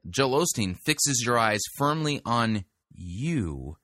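A man's voice: mid-range voice, sing-song, slow pace, pushed and bright, dry recording, clean studio sound. A man hosting a show, reading scripture aloud and critiquing a preacher with emphatic stress on key words. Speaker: podcast host and sermon critic.

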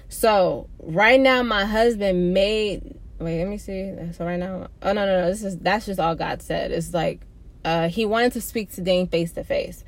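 A woman's voice: mid-range voice, a little slow. Candid woman vlogging to viewers. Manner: rambling, candid, addresses viewers as y'all, frequent likes. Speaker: vlogger sharing a personal faith story. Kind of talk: casual testimony to viewers.

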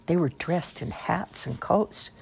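Storybook reader, female, low gravelly voice, lively delivery. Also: slow. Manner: expressive, lively voicing. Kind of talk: children's story read-aloud.

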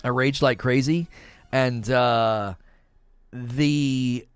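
A middle-aged man streams games in casual livestream chat, joking and repeating his phrases against faint background music. His mid-range voice is smooth and very slow with fairly even intonation, and there's no room sound.

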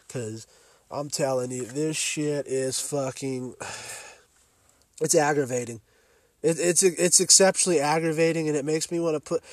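A man's voice: a little high, no echo. Profane ranting man, dry close sound. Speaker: podcast host. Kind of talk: solo podcast rant.

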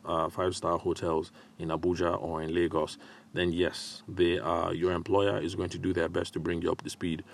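A man hosting a solo advice podcast, talking in a measured way with frequent filler pauses. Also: low voice, vocal fry. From Nigeria. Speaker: podcast host.

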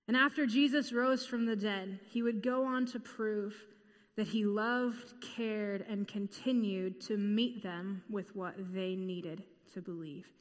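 A woman preaching a sermon in an earnest, measured way, repeating key phrases. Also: medium pitch, big-room sound.

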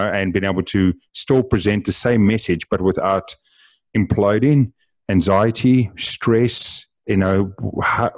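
A man's voice: deep voice, no echo. A man hosting a podcast interview, asking long rambling questions and giving short acknowledgments. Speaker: podcast host.

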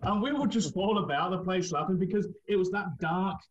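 A man's voice: high voice, a little fast, dull audio, slight background noise. A man from England, telling rambling anecdotes in a casual chat and laughing through them.

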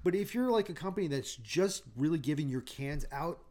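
A man's voice: a little high, animated, fairly quick, dark tone. A man chatting casually as a podcast guest, rambling and joking with many restarts. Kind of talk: casual chat.

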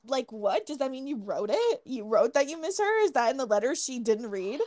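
A woman with a high voice co-hosts a casual fan recap chat. She is blunt and sarcastic, and swears freely as she makes her point. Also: very animated, moderate pace, few pauses, darkish tone. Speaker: podcast co-host.

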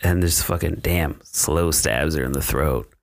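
A man's voice: a bass voice, measured pace, creaky, a little hiss or hum. A man recapping a film plot on a podcast in a rambling, profane, casual way, with frequent laughter and fillers. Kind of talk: casual chat.

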